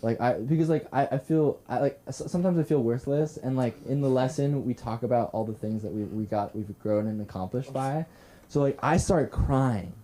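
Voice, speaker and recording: A man's voice: medium pitch, normal speed, mellow. Rambling young man doing stand-up. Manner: rambling, self-deprecating, many fillers and restarts. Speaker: stand-up comedian at open mic. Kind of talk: stand-up storytelling. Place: comedy club stage.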